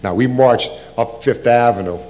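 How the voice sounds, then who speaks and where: A man's voice: mid-range voice, normal speed, dull audio. An older man, a veteran, recalls his past in a casual, rambling way, often restarting his sentences and using slang. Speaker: Vietnam veteran recounting his service. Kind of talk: oral history storytelling.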